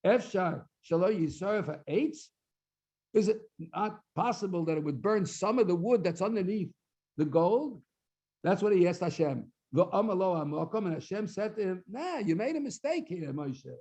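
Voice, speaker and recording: A man's voice: high voice, moderate pace, darkish tone. A man, a rabbi, gives a Talmud lecture in a synagogue, explaining each source phrase by phrase and translating as he goes, sometimes repeating words while he looks for the next phrase. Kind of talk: Talmud lecture at a study completion. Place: synagogue hall. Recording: dull lo-fi recording.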